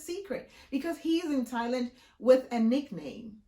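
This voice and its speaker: A woman vlogger telling a story in a casual, animated way, her voice jumping high when she is outraged. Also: moderate pace, few pauses, echoey room.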